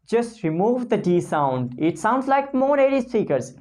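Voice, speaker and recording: A woman teaching spoken English pronunciation, talking casually to camera and slowly repeating model phrases for learners to copy. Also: a little high, sing-song, darkish tone. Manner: many fillers and restarts, non-native phrasing.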